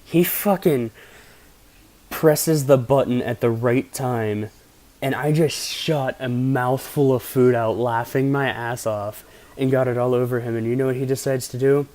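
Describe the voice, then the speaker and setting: A man's voice: mid-range voice, fairly even intonation, normal speed, a little mellow. A young man from Pennsylvania casually telling rambling, profane stories as a vlogger. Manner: rambling, profane, laid-back anecdotes. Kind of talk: casual storytelling.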